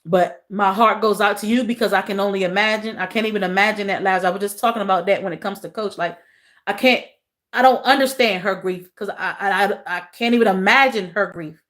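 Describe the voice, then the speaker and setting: Woman, livestream host; casual chat with viewers, soft and emotional, repeats lines. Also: medium pitch, brisk. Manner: repeats phrases, talks to chat as y'all.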